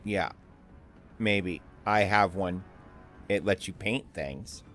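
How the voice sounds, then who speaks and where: A man's voice: sits low, slow, a bit bright, soft background music. A man chatting casually while playing a video game with a friend, jokey and swearing often. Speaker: let's play co-host. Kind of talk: casual gaming chat.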